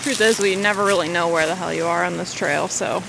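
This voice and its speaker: A woman's voice: on the low side, steady tone, brisk, gravelly. A young woman from Missouri narrating a casual hiking vlog, chatty and giggly with casual swearing, hiccupping as she talks. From Missouri, USA. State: has the hiccups. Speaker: vlogger. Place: outdoors on a creek trail in the woods. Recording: outdoor camera audio with stream noise. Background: flowing creek water.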